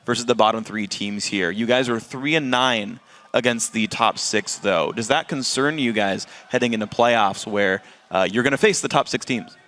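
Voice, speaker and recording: A man's voice: mid-range voice, moderate pace, a bit bright. A man interviewing players after a match, asking eager, enthusiastic follow-up questions. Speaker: esports interviewer.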